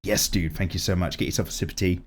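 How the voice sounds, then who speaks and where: In a low voice at a quick pace, a man in his thirties hosts a YouTube art channel, chatting casually through viewer comments. His voice sounds slightly strained and cracks at times, and he's lively and talkative, swearing freely.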